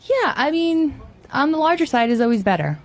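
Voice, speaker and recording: A woman's voice: sits high, very animated, normal speed. Shy, hesitant young woman. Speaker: studio guest. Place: radio studio.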